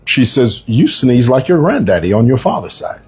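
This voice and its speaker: A man giving casual political commentary, emphatic and animated, telling stories with frequent asides. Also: mid-range voice, moderate pace, a little hiss or hum. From Zambia.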